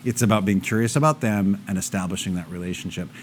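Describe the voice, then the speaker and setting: A man's voice: deep voice, fast, slight background noise. A man speaking to a live audience, telling stories and acting out both sides of conversations. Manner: animated storytelling, acting out both sides of dialogues.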